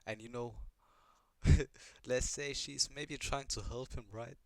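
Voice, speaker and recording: A man's voice: medium pitch, steady tone, slow, gravelly, dry recording. A young man giving casual reaction commentary on an anime, swearing a lot, rambling and asking puzzled questions.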